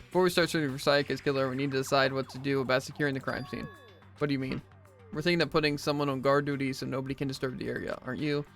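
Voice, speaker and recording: A man's voice: mid-range voice, little pitch movement, rapid-fire, creaky, a bit bright, soft background music. A man streaming a visual novel, reading every character's dialogue aloud himself and adding jokey asides. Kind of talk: let's play, reading game dialogue aloud.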